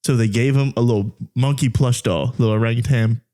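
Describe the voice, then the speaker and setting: A man chatting as a podcast co-host, telling stories loosely and leaning on filler words. He keeps breaking into laughter while he talks, in an easygoing, mid-pitched voice. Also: fairly even intonation, fairly quick, dark tone. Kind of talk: casual chat.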